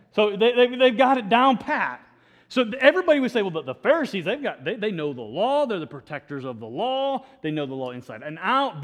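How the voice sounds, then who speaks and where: A man preaching a Bible teaching, animated, with frequent stammered restarts as he voices the people he quotes. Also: high voice. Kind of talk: sermon teaching. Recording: echoey hall reverb.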